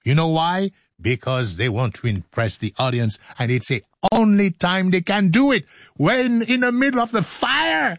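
An older man hosts a radio show, clowning his way through studio outtakes playfully, joking, laughing and breaking into silly singing. His high voice has lively intonation, vocal fry and a moderate pace, on a dry recording.

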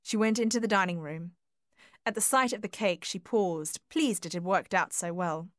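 Dry, measured woman narrator. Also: mid-range voice, no echo. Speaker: audiobook narrator. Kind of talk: scripted narration.

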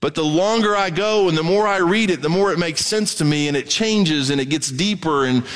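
Male pastor, chatty preaching, slightly high voice, swings from soft to fired up, big echoing hall. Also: a little fast. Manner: conversational preaching, swings from quiet asides to excited emphasis. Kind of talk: sermon.

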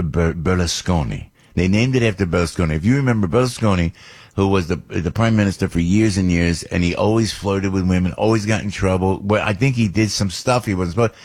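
Rambling, husky-voiced radio host man. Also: fairly low pitch. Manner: rambling, animated storytelling with restarts. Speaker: radio talk show host. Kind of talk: casual radio monologue.

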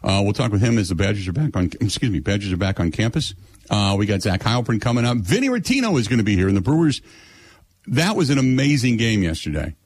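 A man's voice: on the low side, sing-song, fast talker, slightly rough, no room sound. A middle-aged man hosting sports radio, telling a story in blunt, sarcastic, exasperated casual chat.

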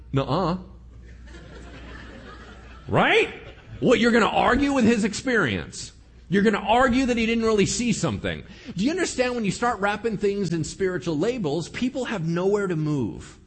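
Male preacher, lively swinging pitch, husky voice, sarcastic humor. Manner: animated and sarcastic, acting out scripture characters. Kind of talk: humorous Bible-teaching sermon.

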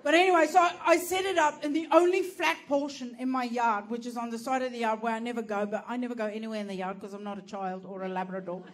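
A woman's voice: a little high, steady tone, fast, few pauses, a little hiss or hum. Brash, profane woman comic. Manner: brash, profane, laughing through punchlines. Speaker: comedian. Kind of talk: stand-up comedy storytelling.

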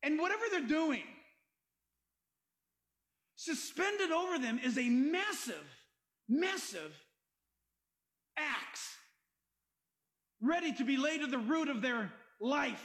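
A male pastor with a strikingly high-pitched voice for a man. He preaches emphatically, reading scripture aloud and pressing his listeners with animated rhetorical questions. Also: slow, long pauses, low-quality recording. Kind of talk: sermon.

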